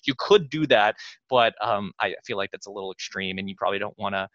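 Man, interview guest, sharp bright voice, rambling with restarts, dull dry lo-fi audio. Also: fairly low pitch, fast talker, dry recording. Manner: rambling, many fillers and restarts, chuckles often. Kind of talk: interview conversation.

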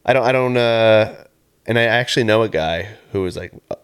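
Comedy podcast co-host, male, lowish voice, rambling and giggly. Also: a little fast, clear, resonant tone. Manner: rambling, laughs often, acts out quoted people. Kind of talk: casual chat.

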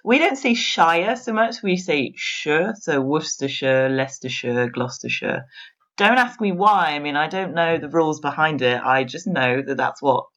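Woman, deep voice, chatty with fillers, muffled lo-fi recording. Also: lively intonation, normal speed, fairly bright tone. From England. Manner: chatty, laughs often, many fillers. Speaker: guest. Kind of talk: casual interview chat.

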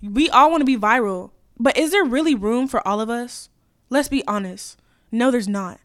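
A woman's voice: a little high, moderate pace. Blunt, sassy young woman podcaster. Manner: blunt, profane, sassy ranting; animated, swings loud and quiet. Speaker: podcast host. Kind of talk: casual chat.

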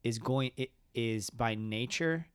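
A man's voice: mid-range voice, takes it slowly, a bit bright, smooth, no echo, studio quality. A man hosting a podcast, chatting reflectively in a casual interview, with many restarts. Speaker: podcast host. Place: room at a music festival.

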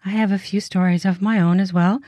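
A woman reading an erotic novella aloud as a podcast narrator, with a slow, soft, unhurried delivery. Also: mid-range voice, steady tone, dry recording.

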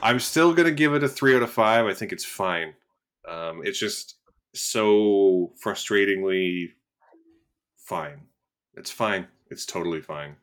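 A man's voice: low voice, animated, slow, a bit bright. A man co-hosting a casual film review podcast, talking in a dry, weary way with many fillers and trailing remarks. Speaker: podcast co-host.

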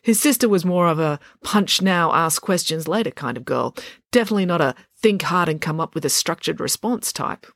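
A woman reading a children's chapter book aloud, steady and expressive. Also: lowish voice, a little fast, no echo, studio quality. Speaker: storyteller.

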